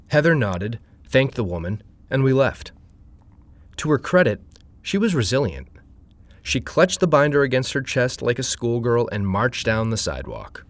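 A man reading a first-person story aloud in a wry, deadpan way. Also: mid-range voice, moderate pace, dry recording. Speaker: narrator.

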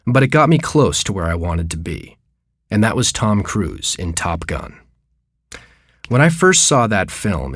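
A man reading a personal memoir story aloud, with wry, deadpan humor. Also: low-pitched, breathy edge, no echo, clean studio sound.

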